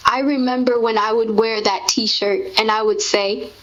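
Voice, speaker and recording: A woman talks in a soft, gushing, sentimental way as she reminisces with her partner. Her voice sits a little high. The recording is dull and lo-fi. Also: fairly even intonation, measured pace. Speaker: co-host. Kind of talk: casual reminiscing chat. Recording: dull lo-fi sound.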